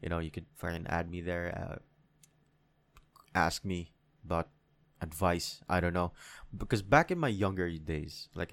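A young man with a deep, low voice talks through a solo podcast episode, swearing freely and wandering from topic to topic. The sound is dry and close on the mic, with no room around it. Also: no echo. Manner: profane, rambling, animated rants. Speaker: podcast host. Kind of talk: casual solo podcast monologue. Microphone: studio mic.

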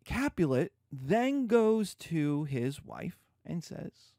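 A man's voice: on the high side, measured pace, vocal fry, hardly any pauses, no room sound, studio quality. A man giving a conversational history lecture, acting out scenes as he goes. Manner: animated, conversational, acts out scenes. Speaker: history teacher. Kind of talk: classroom lecture.

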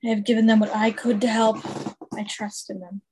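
Earnest woman, flat delivery, faint hiss. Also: a little high, fairly quick, low-quality recording. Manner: earnest, steady conviction. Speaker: player. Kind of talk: in-character roleplay.

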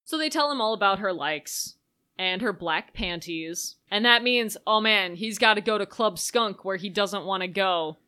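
A woman's voice: mid-range voice, moderate pace, bright, forceful tone, smooth. A woman co-hosting a casual podcast, recapping a movie with wry, opinionated remarks. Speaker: podcast co-host.

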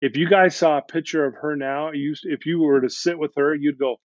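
A man's voice: on the high side, fairly even intonation, a little fast, no room sound. A man earnestly retelling a counseling conversation, often restarting his sentences. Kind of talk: storytelling in conversation. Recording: dull lo-fi dry sound.

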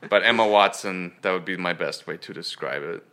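A man's voice: low-pitched, brisk, a bit bright. A man hosting a podcast in casual chat, rambling along with many fillers and restarts. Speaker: podcast host.

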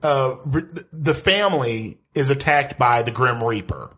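A man's voice: mid-range voice, a little slow, fairly bright tone. Casual swearing man on a comics podcast. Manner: rambling, swears casually, laughs often. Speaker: podcast co-host. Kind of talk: casual comic book chat.

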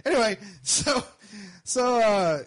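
Animated, high-voiced man telling a story. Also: slow pace. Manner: animated, swears freely, mimics a drunk woman in a high voice. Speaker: podcast co-host. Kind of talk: casual storytelling among friends.

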